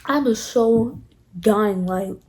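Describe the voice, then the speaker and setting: A young woman vlogger telling a storytime tale to her viewers, animated and dramatic, talking straight to them. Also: mid-range voice, slow pace, background noise. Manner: animated, dramatic retelling, addresses viewers directly. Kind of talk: casual storytime.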